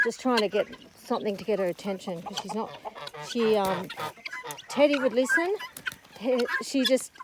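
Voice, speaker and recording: A breathless woman outdoors on a farm, training her dog with sharp calls and muttered asides to the camera. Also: mid-range voice, moderate pace, noisy background. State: breathless after illness. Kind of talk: casual vlog commentary. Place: outdoors on a farm among poultry. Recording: outdoor phone video with loud birds. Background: clucking fowl and geese.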